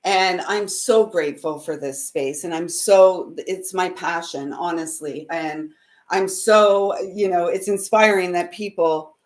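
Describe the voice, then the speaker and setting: A woman's voice: lowish voice, unhurried. A woman hosting a spiritual card reading on a live stream, talking in a heartfelt, emotional way and laughing often. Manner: swings between soft and loud. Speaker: intuitive reader and host.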